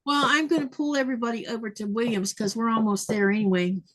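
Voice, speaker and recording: A woman's voice: on the high side, steady tone, fast talker, fairly bright tone. A woman hosting a casual sewing livestream, chatting and laughing often as she reads viewer comments aloud. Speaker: livestream host.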